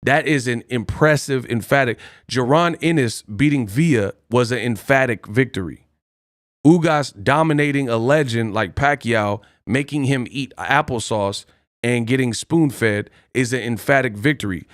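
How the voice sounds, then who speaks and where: A man's voice: mid-range voice, moderate pace, dry recording, clean studio sound. Boastful man ranting on a live stream. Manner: boastful, combative, repeats taunts at chat. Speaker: boxing live stream host. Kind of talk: heated live stream rant.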